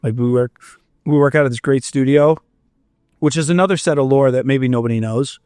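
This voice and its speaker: A man's voice: medium pitch, a little fast, a little mellow, clean tone, no room sound. A young man from Florida spins a winding story on a podcast, tripping over restarts and slipping into the voices of people he met. His voice sits mid-range and sounds dry and close to the mic. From Fort Myers, Florida. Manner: rambling, restarts and self-corrections, acts out quoted dialogue. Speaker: musician guest. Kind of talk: storytelling in a casual podcast interview.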